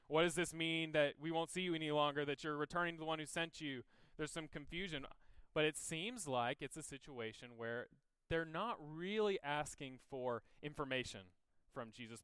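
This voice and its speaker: A man's voice: a little high, fairly bright tone, clear, resonant tone, no room sound, rough recording. A man preaching a conversational sermon, explaining scripture and telling personal stories to make his point. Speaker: pastor. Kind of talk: sermon teaching.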